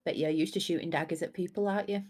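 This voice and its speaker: Soft-spoken woman playing a tabletop game. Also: fairly low pitch, steady tone, very fast. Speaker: player. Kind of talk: tabletop role-play chat.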